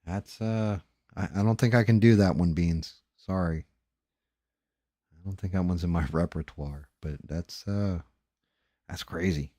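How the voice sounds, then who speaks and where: A man's voice: low voice, measured pace, long pauses, warm tone, dry recording, studio quality. A tired man hosting a livestream, chatting casually and profanely in a rambling, mumbling way while he paints. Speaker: livestream host.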